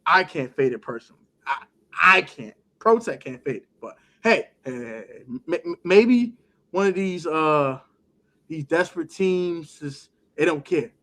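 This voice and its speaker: Animated high-voiced man ranting about football. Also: unhurried. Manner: animated, laughing, acts out quotes in a put-on voice. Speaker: podcast co-host. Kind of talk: casual sports chat.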